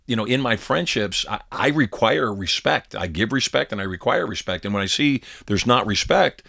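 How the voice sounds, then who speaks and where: A man's voice: fairly low pitch, lively intonation, normal speed, gravelly, pushed and bright. A middle-aged man co-hosting a podcast, telling personal stories and acting out quoted dialogue in casual conversation. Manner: storytelling, acts out quoted dialogue. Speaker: podcast co-host.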